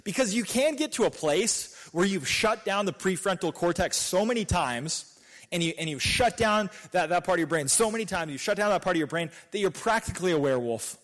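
Lively, energetic young male preacher. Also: high-pitched, brisk. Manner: energetic, repetitive rhetorical questions, casual slang. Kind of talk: sermon.

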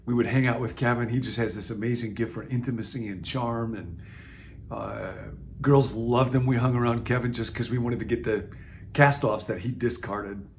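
An older man from the Midwest who speaks as a pastor, reflective and unhurried in tone. He talks to camera in a musing, conversational way and drops in gentle asides. His voice sits at an ordinary middle pitch. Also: steady tone, a little hiss or hum. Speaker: pastor and teacher. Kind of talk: reflective talk to camera in a video series.

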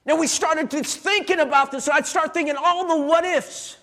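A middle-aged man preaches from the pulpit, his voice sitting very high for a man. He talks with emotion, leaning on repeated phrases that build and build. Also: steady tone, moderate pace, pushed and bright. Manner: emotional, repetitive preaching with rising emphasis. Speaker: pastor. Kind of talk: sermon.

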